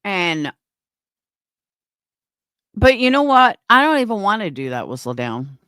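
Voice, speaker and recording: A woman's voice: medium pitch, big pitch swings, a little slow, a bit bright, clean tone, no echo. A woman hosting a livestream, ranting angrily and swearing constantly as she answers her chat, often repeating herself. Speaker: livestream host reading chat. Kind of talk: angry livestream rant.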